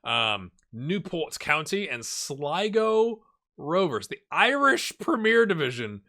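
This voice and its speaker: A man's voice: on the high side, big pitch swings, measured pace, sharp tone. A man giving casual video game commentary, chatting and thinking aloud as he looks through results, often reacting with surprise. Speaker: gaming YouTuber.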